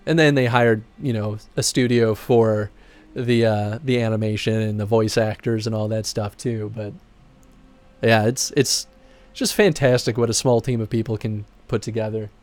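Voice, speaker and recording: A chatty male streamer talks to his viewers in a relaxed, rambling way and laughs often. His voice sits in an ordinary middle register but jumps up when he gets excited. The recording is close and dry, with no room sound. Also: mid-range voice, no echo. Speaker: streamer and game producer. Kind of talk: casual livestream chat over game credits.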